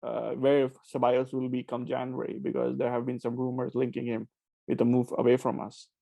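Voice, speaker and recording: A man's voice: mid-range voice, monotone, fairly quick, gravelly, dark tone, dry recording. A man hosting a casual football podcast, hedging his points with plenty of "I think" and fillers. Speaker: podcast host.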